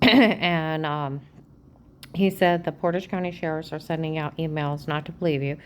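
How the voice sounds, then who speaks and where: A woman talking straight at the camera in a rambling personal monologue, agitated and aggrieved, jumping from claim to claim and often dropping to a hushed, half-whispered voice. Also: low voice, fairly even intonation, moderate pace, slight background noise. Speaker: vlogger.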